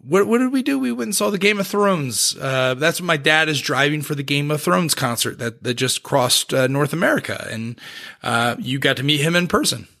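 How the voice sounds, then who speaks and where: A man's voice: a little high, expressive, moderate pace, gravelly, pushed and bright. A man co-hosting a podcast in casual chat, reading listener mail and often breaking into laughter. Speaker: podcast co-host.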